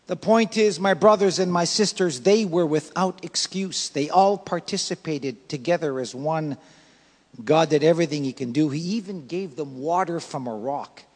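A male pastor delivering an emphatic sermon, swinging between loud bursts and soft asides. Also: fairly high pitch, normal speed, in a large hall. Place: church sanctuary.

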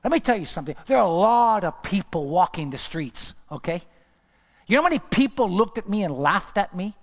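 High-voiced guy preaching a sermon, telling his story all animated, big echoey church sound. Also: fairly quick, a little hiss or hum. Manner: animated storytelling, voice jumps up when acting out his own words. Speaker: pastor. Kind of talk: sermon testimony. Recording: long hall reverb.

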